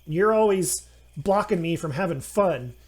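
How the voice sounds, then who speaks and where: A man's voice: high voice, animated, measured pace, a little mellow, voice pushed up. A man voicing a mischievous, petulant male gnome trickster who whines like a spoiled child. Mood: whiny. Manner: whiny, childish, stamping tantrum.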